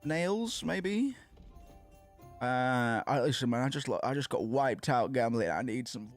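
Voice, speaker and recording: A man commentating on his own gameplay, swearing often and getting frustrated, sometimes chanting words loudly. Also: mid-range voice, normal speed, faint music behind. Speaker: gaming streamer. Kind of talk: casual let's play commentary.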